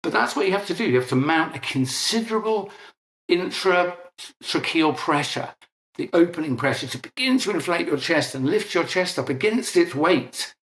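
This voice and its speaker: A man's voice: a little high, animated, moderate pace, a bit bright, roomy sound. A middle-aged man, an interview guest, explaining at length in a conversational, emphatic way and correcting himself as he goes.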